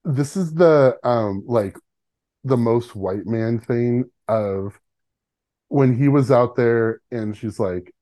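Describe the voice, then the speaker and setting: A man co-hosting a podcast in casual chat, rambling with fillers and acting out characters' lines in quick put-on voices. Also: mid-range voice, warm tone, no echo. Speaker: podcast co-host.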